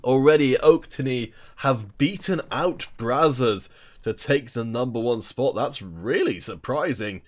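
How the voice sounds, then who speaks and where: A man's voice: mid-range voice, expressive, a little slow. A man casting an esports tournament stream alone, chatty and jokey, talking with his mouth full at times. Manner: chatty, jokey, talks while eating. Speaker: esports caster. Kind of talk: solo esports play-by-play commentary.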